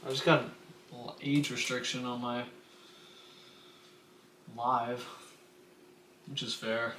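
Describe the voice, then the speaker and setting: A man's voice: mid-range voice, flat delivery, slow, bright, forceful tone. A young man casually telling a rambling story on a livestream, swearing freely and acting out what people said. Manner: rambling, laid-back, swears freely, acts out quotes. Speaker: streamer. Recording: echoey room with faint ambient noise.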